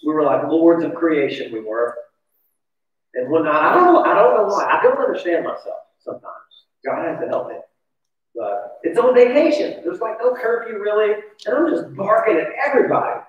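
This pastor's voice sits high and is expressive, moving at a normal pace as he gives a conversational, confessional sermon and questions the congregation. The recording is dull and echoey, capturing him from a distance.

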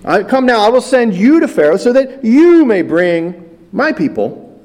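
A man's voice: sits high, very animated, a little slow, big-room sound, voice pushed up. A man voicing God, commanding Moses emphatically and urgently. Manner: emphatic, louder, insistent.

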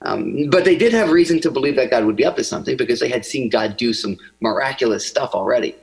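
A man preaching a conversational sermon, acting out quoted voices with big swings in pitch. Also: expressive, fast talker, creaky, husky, rough recording. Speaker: pastor.

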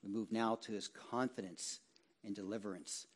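A middle-aged man, a ruling elder, preaching an impassioned sermon that sinks to hushed low tones and rises to loud exhortation. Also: steady tone, moderate pace.

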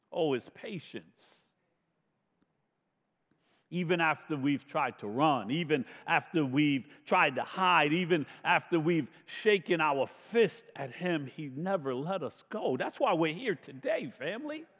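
A man preaching a sermon in slow, emphatic phrases, swelling to loud questions and dropping to a hush. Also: a little high. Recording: long reverb of a large hall.

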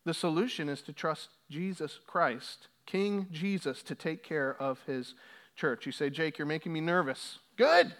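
High-voiced man preaching a sermon. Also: expressive, measured pace, a bit bright. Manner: preaching with rising intensity on quoted scripture. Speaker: pastor. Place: church sanctuary.

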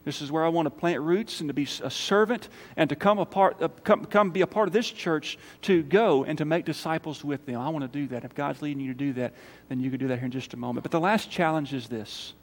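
High-voiced emphatic preacher in echoing church. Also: male voice, quick pace, few pauses. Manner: emphatic, rising to loud calls then dropping soft for prayer. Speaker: pastor. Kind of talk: sermon. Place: church sanctuary. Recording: church hall reverb.

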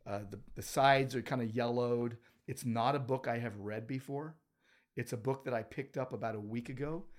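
A man, a pastor co-hosting a church podcast, talking in a loose, rambling way with many restarts, recorded in an office. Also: medium pitch. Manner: rambling, with frequent restarts and filler. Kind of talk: casual chat. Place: office full of books.

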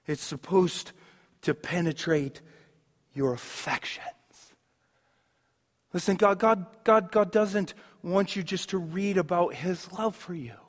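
High-voiced male pastor in a hall. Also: takes it slowly. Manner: swings from emphatic to soft and hushed; repeats words when building a point. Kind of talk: sermon.

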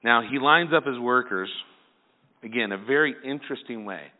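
A male pastor preaching a sermon, lively and acting out the people in the story. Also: medium pitch, normal speed. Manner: animated, acts out the people in the story. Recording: tinny phone-like sound.

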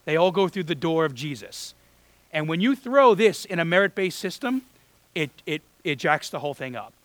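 A man's voice: on the high side, sing-song, moderate pace, a bit bright, dry recording. A man preaching a conversational sermon as a pastor, acting out the voices he quotes.

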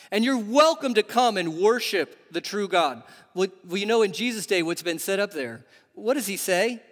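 A man delivers a sermon with a fairly high voice that rings through the long echo of a big hall. He keeps turning to his listeners with questions, in an animated, conversational way. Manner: animated, asks the audience questions. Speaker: preacher. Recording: long reverb of a large hall.

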